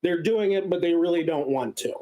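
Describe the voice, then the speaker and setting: A man giving a casual explanatory lecture as a guest speaker, often pausing on filler sounds. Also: fairly high pitch, dark tone, low-quality recording.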